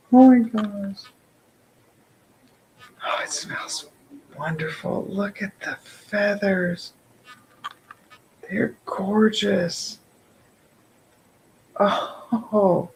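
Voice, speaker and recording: A man chatting through an unboxing, gushing with breathy exclamations and whispered asides. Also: sits high, a little mellow, a little hiss or hum, low-quality recording. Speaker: vlogger unboxing subscription boxes. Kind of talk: casual unboxing chat.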